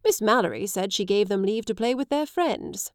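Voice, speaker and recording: A woman voicing a light, teasing gentleman in an audiobook. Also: mid-range voice, expressive, moderate pace, no room sound, clean studio sound, natural voice. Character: teasing easygoing gentleman officer.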